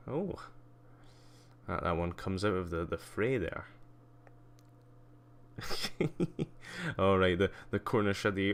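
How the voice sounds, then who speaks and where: Deep-voiced, rambling male livestreamer. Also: a little slow, long pauses, clean tone. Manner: rambling, many ums and uhs, wry asides. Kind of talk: casual live-stream commentary giving a tour.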